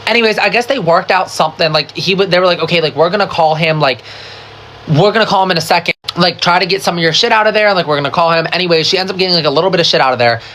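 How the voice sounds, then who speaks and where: Getting ready on camera, a woman tells a gossipy, animated storytime, swearing freely, cramming in "like," and calling the viewer "girl" and "baby." Her voice is lowish and very fast, with slight background noise.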